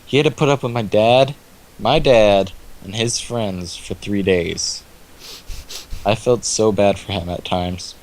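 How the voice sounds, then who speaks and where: Speaking slowly in a low, darkish voice, this co-commentator keeps up casual banter while his friend plays. His manner is jokey, and his stories wander.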